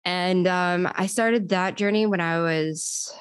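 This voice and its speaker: A woman's voice: lowish voice, slow pace, smooth, dry recording. A young adult woman from New York, telling her story casually in an interview, with a lot of "like" fillers. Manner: chatty, frequent "like" fillers. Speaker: podcast host and guest.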